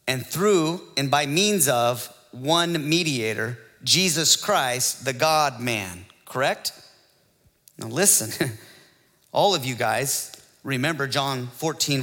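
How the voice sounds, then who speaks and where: A male pastor preaching a sermon, building to excited rhetorical questions and calls to the congregation. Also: mid-range voice, in a large hall.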